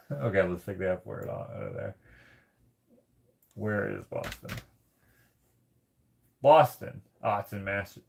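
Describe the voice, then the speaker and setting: A man from Canada hosting a casual livestream, reading viewer comments aloud and rambling as he thinks out loud. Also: fairly low pitch, vocal fry. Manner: rambling, thinks out loud while searching things up. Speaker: livestream host.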